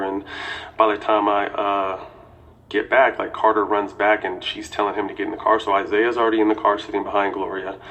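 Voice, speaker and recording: A middle-aged man with a lowish voice tells a story casually. He rushes through the details and restarts his phrases, and he swears freely. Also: vocal fry, a bit bright. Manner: quick, restarting narration with frequent profanity. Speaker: interviewee telling a story.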